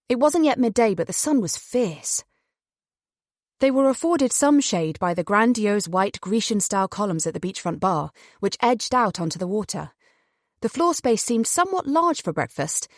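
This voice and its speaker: Woman reading an audiobook, expressive, dry close sound. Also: medium pitch, moderate pace, dry recording. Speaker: audiobook narrator. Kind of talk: audiobook narration.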